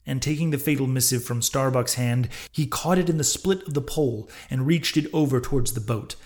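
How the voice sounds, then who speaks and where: A man hosting a podcast, reading a classic novel aloud in measured, steady audiobook narration. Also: medium pitch. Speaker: podcast reader and host.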